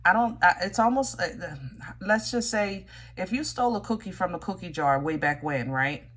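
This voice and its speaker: A woman's voice: mid-range voice, moderate pace, a bit bright. A woman giving a casual tarot reading, talking straight to her viewers in a chatty way, often stopping and restarting. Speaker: tarot reader.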